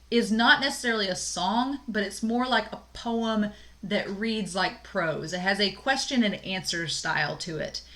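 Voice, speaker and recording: A woman's voice: mid-range voice, bright, forceful tone. A woman instructor giving a recorded college lecture on poetry terms, explaining casually with fillers and small laughs.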